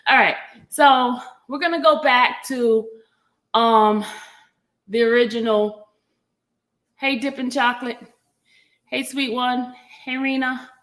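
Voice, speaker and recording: A woman's voice: a little high, steady tone, takes it slowly, pauses often, a bit bright. A woman hosting a casual livestream, chatting with viewers by name and reading documents aloud, stopping now and then to cough. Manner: chatty, greets viewers by name, apologetic asides. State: coughing, catching her breath. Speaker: livestream host.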